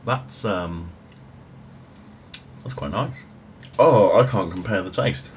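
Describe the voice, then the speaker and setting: Dry, offhand man, low-pitched. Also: slow pace. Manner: dry, offhand, self-mocking. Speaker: food reviewer. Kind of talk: casual food review vlog. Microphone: overhead phone camera. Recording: faint room noise, phone audio.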